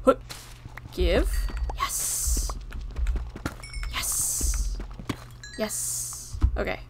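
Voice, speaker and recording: A woman's voice: mid-range voice, noisy background. A young woman talking viewers through her survival game in a chatty, self-deprecating way, tired from little sleep. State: sleep-deprived. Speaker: gaming channel host. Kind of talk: casual let's-play commentary.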